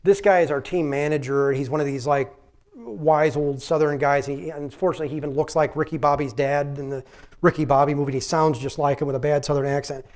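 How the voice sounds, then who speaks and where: A middle-aged man with a slightly high voice gives a relaxed lecture. He talks in a chatty, meandering way and restarts his sentences often, as if thinking aloud in front of an audience. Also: fast talker. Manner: conversational, rambling, frequent restarts. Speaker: physician giving a public lecture. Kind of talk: informal lecture with anecdotes. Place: public library talk.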